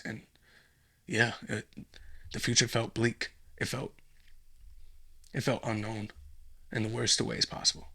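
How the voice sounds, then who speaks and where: A man voicing a sentimental male home invader who reminisces in a hushed, dreamy way in a comedy bit. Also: mid-range voice, creaky, breathy edge, exaggerated voice.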